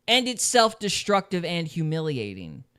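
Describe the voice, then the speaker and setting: A man's voice: fairly high pitch, wildly swooping pitch, moderate pace, bright, forceful tone, clear, resonant tone. A man hosting a podcast in casual chat, opinionated and mocking others in quoted voices. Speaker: podcast host.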